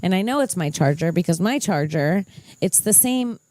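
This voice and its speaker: A young woman telling family stories in a casual podcast chat. She talks in an animated way, laughs often and swears freely. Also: on the low side, moderate pace, no echo.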